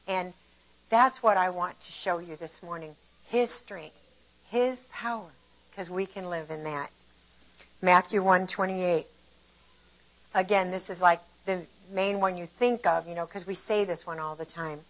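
An older woman giving a casual devotional Bible teaching, conversational and animated as she explains verses and tells stories from her own life. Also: fairly low pitch, measured pace, low-quality recording. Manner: conversational and animated, shifting between warm explanation and lively retelling.

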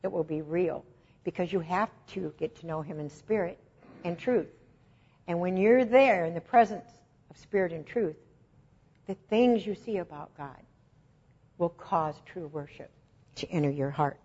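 A woman giving a personal testimony sermon, emotional and swelling louder on key phrases. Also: lowish voice, unhurried, pauses often. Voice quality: husky. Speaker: Christian speaker. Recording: dull lo-fi recording.

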